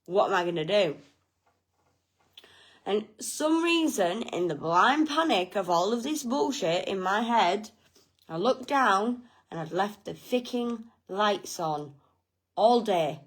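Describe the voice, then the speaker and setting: A woman's voice: medium pitch, expressive, slow. A woman telling a personal story in a casual vlog, frank and self-mocking, with plenty of swearing. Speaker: vlogger.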